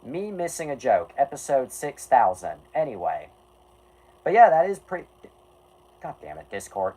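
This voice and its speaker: Casting note: animated stream host, voice swinging up and down, jokey and sarcastic, keeps losing the thread and saying "anyway". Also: mid-range voice, unhurried, low-quality recording. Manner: jokey, sarcastic asides, self-deprecating; often breaks off mid-sentence, restarts with "anyway". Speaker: streamer reading an article aloud to chat. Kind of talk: casual stream chat and read-aloud.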